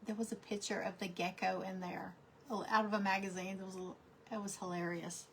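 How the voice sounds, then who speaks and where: Woman, middle-aged, casual crafting chat, rambling stories, medium pitch. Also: level tone, fairly quick, creaky, slight background noise. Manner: chatty storyteller, laughs often, drops to soft asides. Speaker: crafting vlogger.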